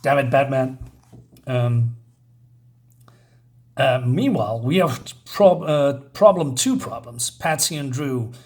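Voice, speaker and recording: A man's voice: mid-range voice, expressive, slow pace, pauses often, darkish tone. Chuckling, rambling comic reviewer, a man. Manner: chuckling often, rambling with fillers. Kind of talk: casual review chat.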